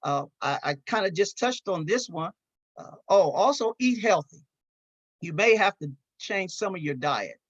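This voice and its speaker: A man's voice: sits high, expressive, measured pace, fairly bright tone, dry recording, lo-fi sound. Folksy man giving a seminar talk. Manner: conversational, folksy, with frequent restarts and light laughs. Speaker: seminar presenter.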